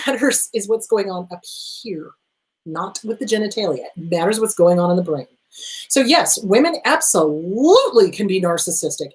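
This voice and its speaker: Speaking directly to the listener, a middle-aged female therapist fields viewer questions on her advice show with animated emphasis. Her voice is mid-range and the audio is of low quality.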